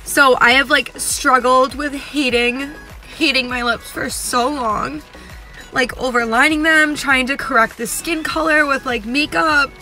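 A woman's voice: high-pitched, steady tone, a little slow, bright, forceful tone, soft background music. A young woman vlogging casually to camera from a car, chatty and emotional, full of "like" fillers.

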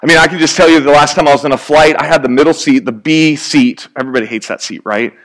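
A man's voice: on the high side, steady tone, fast, fairly bright tone. A man preaching a sermon in a conversational, joking way, acting out little scenes.

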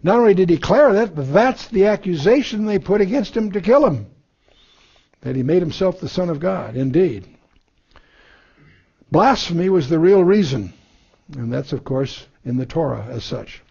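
A man's voice: high-pitched, lively intonation, normal speed, gravelly, pauses often, mellow, breathy edge, highs cut off. A man giving a verse-by-verse Bible lesson, reading scripture aloud and then explaining it, with many fillers and restarts. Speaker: Bible teacher.

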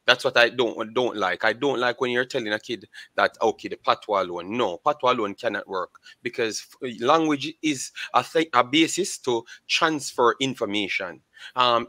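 A Jamaican man speaking as a guest on a panel show, earnest and halting, with many fillers. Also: medium pitch, pushed and bright, no echo. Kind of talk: panel discussion.

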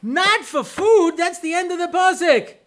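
A man's voice: extremely high pitch, expressive, fairly bright tone. A man, a rabbi, giving a humorous lecture, telling stories in a chatty way and checking whether his listeners follow him. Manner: joking storyteller who mimics people in quick exchanges; conversational, with frequent asides asking the listeners if they follow.

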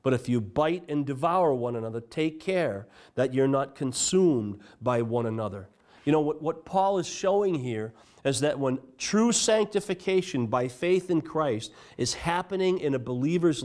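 A man's voice: fairly high pitch, a little mellow. A man preaching a sermon as pastor, reading scripture aloud and stressing key phrases with earnest emphasis. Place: church.

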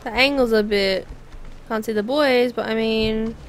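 A woman's voice: fairly high pitch, fairly even intonation, unhurried, faint music behind. A woman giving casual, rambling let's play commentary, chatting to herself as she plays.

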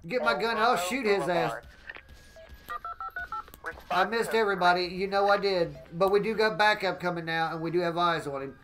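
A man giving excitable live gameplay commentary as a streamer, often exclaiming and greeting his chat. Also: sits high, moderate pace, pauses often, poor audio.

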